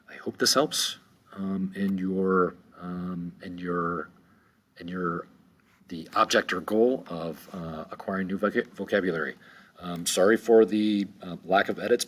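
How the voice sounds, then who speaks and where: A man teaching an unscripted vocabulary lesson, halting with many ums and slowly repeating words. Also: low voice, fairly bright tone.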